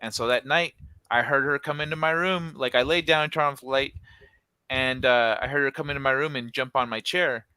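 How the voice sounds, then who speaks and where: A man's voice: mid-range voice, a little fast, pushed and bright, clear, resonant tone, no room sound. A young man co-hosting a casual chat, telling a long story in a rambling way full of "like" and restarts, with a casual curse here and there. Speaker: podcast co-host.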